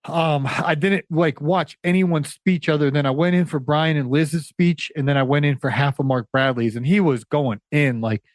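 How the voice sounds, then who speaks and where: A man guesting on a podcast, chatting casually, animated and quick to laugh, with stammering restarts. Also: fairly high pitch, no echo, studio quality. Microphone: studio microphone.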